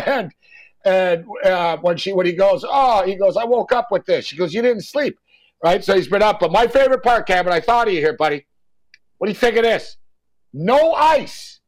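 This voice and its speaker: A man's voice: sits high, low-quality recording. A man hosting a sports talk show, joking and acting out quotes in casual chat. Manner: animated, joking, acts out quotes.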